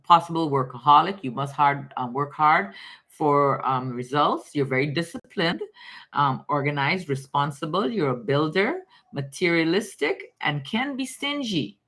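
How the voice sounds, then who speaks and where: Woman tarot reader on a live stream, from Guyana, lower voice, calls everyone darling. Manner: warm, affectionate, calls viewers baby and darling. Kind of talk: casual live tarot reading.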